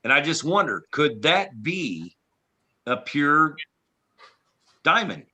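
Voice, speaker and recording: A man co-hosting a live radio chat, talking in a loose, rambling way and restarting his sentences. His voice is very bright and lively, rising and falling a lot, and pitched a little high for a man. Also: slow pace, slight background noise. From Arizona. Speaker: radio show co-host. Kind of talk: casual on-air chat.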